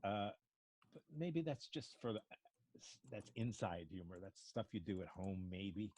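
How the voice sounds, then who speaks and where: A man's voice: fairly low pitch, animated, measured pace, a little mellow, no echo, low-quality recording. A man, an improv instructor telling frank stories to his class, swearing now and then. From New York. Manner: storytelling, frank, swears casually. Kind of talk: teaching class discussion.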